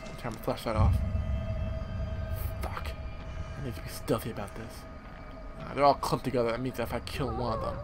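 A young man casually commentating a horror game, excitable and profane, rambling as he plays. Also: mid-range voice, brisk, pauses often, loud music behind the voice. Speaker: gameplay commentator. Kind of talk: casual let's-play commentary.

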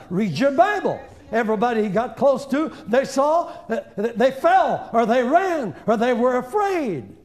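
An older male evangelist preaches in a folksy, conversational way, driving each point home with emphasis. His voice sits high for a man and leaps up and down all the time, and he keeps addressing the room directly. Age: 70s. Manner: folksy, emphatic, conversational, talking straight to the audience. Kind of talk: informal seminar sermon.

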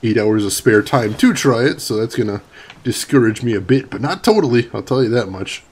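Laughing frequently, a gaming streamer chats with his audience and reads their messages aloud during relaxed let's-play commentary. His medium-pitched voice is animated, fairly quick, darkish and slightly rough.

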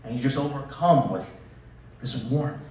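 A man in his thirties doing a stand-up comedy set on a talent show stage, telling exaggerated stories with deadpan asides. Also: mid-range voice, moderate pace, a little hiss or hum. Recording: echoey hall, mic from a distance.

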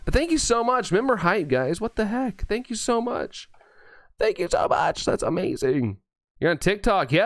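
A male game streamer reading his live chat aloud, excitable and quick to thank viewers, laughing often. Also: fairly high pitch.

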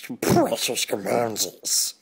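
A man's voice: mid-range voice, wildly swooping pitch, takes it slowly, gravelly, heavily acted. A man with a Yorkshire accent voicing a small, hissing, split-minded male creature that lurches between pleading and snarling. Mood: obsessive.

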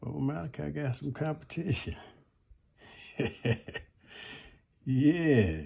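Man playing old teasing onlooker, gravelly, slow drawl, dark husky tone. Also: fairly high pitch, animated, heavily acted. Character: older male onlooker, teasing and amused. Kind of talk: comedy skit acting.

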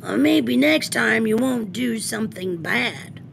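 A woman's voice: fairly high pitch, animated, takes it slowly, vocal fry, background noise, pitched above the performer's own voice, heavily acted. A woman voicing a bossy boy bunny brother who tattles, in a raised, accusing tone.

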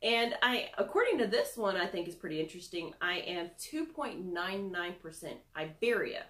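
A woman's voice: fairly low pitch, sing-song, moderate pace, a bit bright, echoey room. A young woman chatting casually through a product review, self-deprecating with giggly asides. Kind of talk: casual screen-recorded review.

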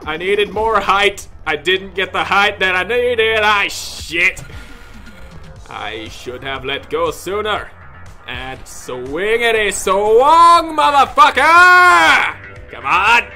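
A man commentating his own gameplay, yelling and cursing at the game in frustration, with mock-pompous outbursts. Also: high-pitched, expressive, slow pace, soft background music.

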